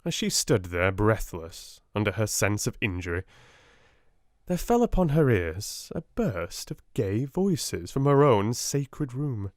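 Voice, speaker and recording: Expressive British man reading an audiobook. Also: on the low side, no room sound, studio quality. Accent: British English. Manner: lively, expressive storytelling. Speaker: audiobook narrator. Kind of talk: unabridged audiobook narration.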